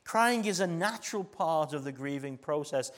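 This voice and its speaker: An English pastor with a slightly raised pitch delivers a sermon to his congregation. He swings from forceful emphasis to hushed, intimate tones and keeps drawing listeners in with rhetorical questions. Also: expressive, normal speed.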